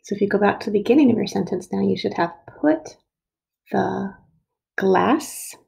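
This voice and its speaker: Woman teacher, patient early-writing lesson, slow and clear delivery, mellow tone with a slight gravelly edge. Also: medium pitch. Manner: slow, patient, stretches out word sounds.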